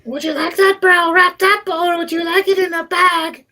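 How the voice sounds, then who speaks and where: A man voicing a jittery female shop clerk in a very high, screechy falsetto. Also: little pitch movement, moderate pace, pushed and bright, faint music behind, exaggerated voice. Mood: sweetly shrill.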